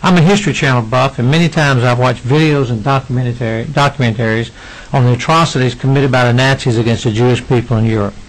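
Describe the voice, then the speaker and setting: Man, middle-aged, witness testimony, earnest, emotional, some halting restarts, mid-pitched voice. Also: rough recording. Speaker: citizen witness at a legislative hearing. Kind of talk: reading prepared testimony.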